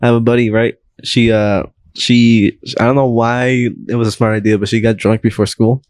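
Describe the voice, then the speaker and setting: A man's voice: mid-range voice, flat delivery, moderate pace, darkish tone, no room sound. Young man rambling on a podcast. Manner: rambling, laughs often, swears. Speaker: podcast host. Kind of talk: casual chat.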